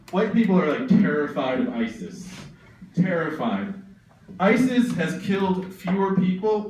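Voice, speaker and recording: A man's voice: on the high side, darkish tone, slight background noise. A man in his twenties from suburban Massachusetts doing a profane, sardonic, rambling stand-up set. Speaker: stand-up comedian. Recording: very echoey room, distant mic, faint ambience.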